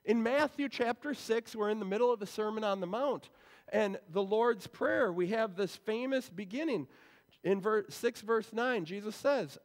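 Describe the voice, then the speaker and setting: In a church sanctuary, a male pastor delivers a sermon, walking through scripture conversationally in a high voice at a moderate pace. The recording carries the long reverb of a church hall.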